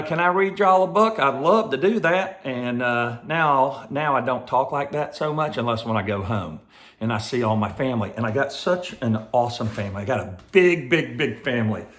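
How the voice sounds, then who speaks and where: Middle-aged man, from Georgia, casual talk to kids, friendly, chatty, asks questions, average pitch. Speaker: reader for schoolchildren.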